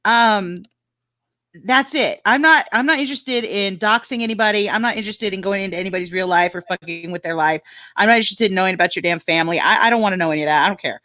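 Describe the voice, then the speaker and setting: A woman chatting on a live stream with a bright, forceful voice, breaking into laughter mid-sentence and swearing casually. Her voice sounds dry and close, with no room echo. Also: mid-range voice, fast talker. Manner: laughs often while telling stories, swears freely. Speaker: panel co-host.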